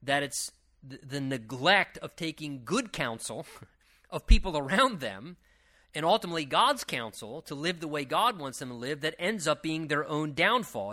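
A man teaching a Bible passage verse by verse, reading scripture slowly and then explaining it in loose, conversational asides. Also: on the high side, sharp tone.

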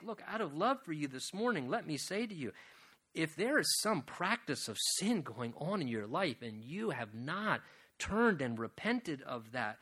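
A man's voice: a little high, big pitch swings, normal speed, pushed and bright. A man preaching a sermon, earnest and direct, building to emphatic appeals to his listeners. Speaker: pastor.

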